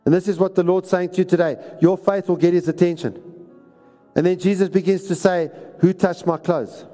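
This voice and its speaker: A man's voice: high-pitched, steady tone, a little fast, dark tone, soft background music. A man preaching a sermon, exhorting and repeating lines for emphasis. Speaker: pastor. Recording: reverberant hall recording.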